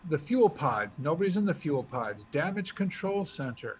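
A man talking through his moves as he explains a board game, thinking out loud in a casual way. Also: on the high side, sing-song, normal speed. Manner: chatty, thinks aloud while moving pieces. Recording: dull lo-fi recording with faint hiss.

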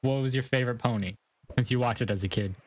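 A man's voice: mid-range voice, fast, no echo. A young man co-hosting a gaming stream, chatting casually with dry, teasing, matter-of-fact corrections.

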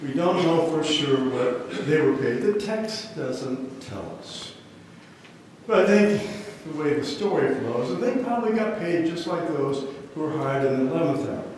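Man preaching slow and dramatic, echoey church hall, mic far off, faint ambient hum. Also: fairly high pitch, sing-song, a little mellow. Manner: dramatic storytelling. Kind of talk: sermon.

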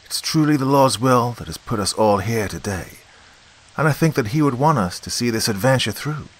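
A man voicing a short, chubby, bald priest who speaks gently and hesitantly. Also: mid-range voice, animated, moderate pace, voice pushed up, close to an everyday voice. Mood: earnest.

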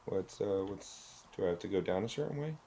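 A man's voice: low-pitched, lively intonation, a little fast, warm tone, slight background noise. A male streamer giving chatty, jokey gameplay commentary while thinking aloud.

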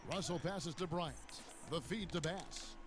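A man doing brisk play-by-play commentary for a basketball video game, excited on big plays. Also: on the high side, natural voice. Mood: calling play. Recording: game audio with crowd behind.

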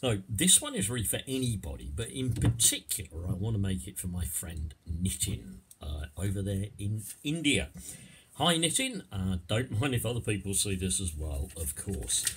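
A middle-aged man giving an informal language lesson in a chatty, rambling, digressive way with a husky voice. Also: low voice, very animated, moderate pace, hardly any pauses, a little hiss or hum. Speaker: YouTube English teacher.

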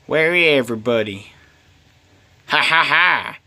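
A man's voice: a little high, expressive, measured pace, pushed and bright. A man giving solo gameplay commentary, talking to himself in a pleading, playful way. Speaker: gamer.

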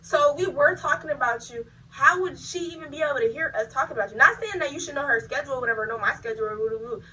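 A young woman tells a story in a high, bright voice at a racing clip, animated and loose with her swearing. She talks straight to her viewers in casual storytime style. Her voice sits a little back from the mic. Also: rapid-fire, distant mic, rough recording. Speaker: vlogger. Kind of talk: casual storytime while installing a wig.

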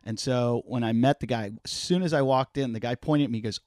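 Animated storytelling man, dry close sound. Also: mid-range voice, fairly quick, no echo. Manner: animated, swears freely, acts out quoted voices. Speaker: podcast guest. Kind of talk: casual storytelling.

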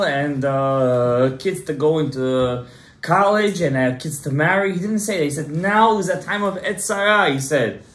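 Man, animated Torah class, lively pitch swings, roomy echo, loud-soft emphasis. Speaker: rabbi giving a Torah class. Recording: echoey room.

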